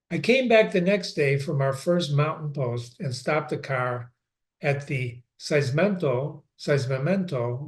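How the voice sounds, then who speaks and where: Man reading a novel aloud. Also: medium pitch. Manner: stops to explain the text in a conversational tone. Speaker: reader.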